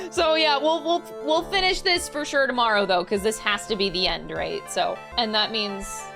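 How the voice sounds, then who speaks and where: A young woman streamer reacting to a game as she plays, excitable and swearing casually as she thinks aloud. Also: mid-range voice, moderate pace, creaky. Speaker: let's play streamer. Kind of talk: live game reaction commentary. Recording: game music under the voice. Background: game music.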